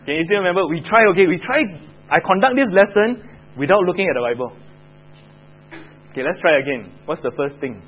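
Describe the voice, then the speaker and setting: A chatty man with a Singaporean English accent leads a children's Bible class, his voice a little high and swinging lively up and down as he quizzes the room. The recording is muffled and lo-fi, with a faint hum underneath. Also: a little fast, pauses often. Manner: chatty, asks the class questions.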